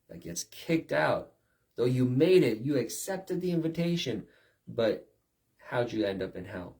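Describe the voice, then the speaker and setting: A man's voice: medium pitch, sing-song, a little slow, vocal fry, a little mellow. A man giving a conversational sermon, often asking "right?" and acting out short quoted voices. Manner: conversational preaching with acted-out quotes and repeated "right?". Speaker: preacher.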